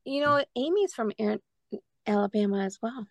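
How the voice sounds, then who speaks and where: Casting note: bubbly Minnesotan woman guest, fairly high, dry close sound. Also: animated, moderate pace, no room sound. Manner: giggly and upbeat, easily amazed. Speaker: podcast guest. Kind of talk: casual chat.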